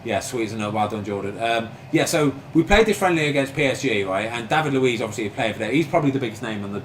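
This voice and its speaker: A man hosts a relaxed chat at home, telling stories eagerly. His voice sits at an ordinary pitch. The room is echoey, with a faint hum of noise behind him. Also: quick pace. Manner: chatty, enthusiastic storyteller. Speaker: host. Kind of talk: casual chat. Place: room at home full of framed shirts.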